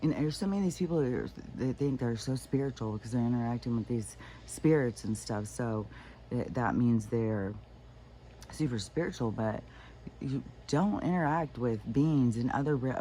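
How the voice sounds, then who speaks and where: A spiritual vlogger telling a story in a loose, rambling monologue, stopping and restarting with plenty of fillers. The voice sits at a middling pitch and talks straight to viewers in a chatty, unscripted way. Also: normal speed, darkish tone, a little hiss or hum.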